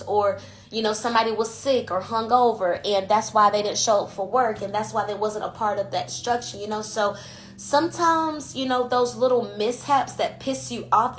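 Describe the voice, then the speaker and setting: A woman podcast host and intuitive coach talking in a casual, emphatic monologue, often tagging "you know" onto her points. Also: mid-range voice. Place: IG Live recording.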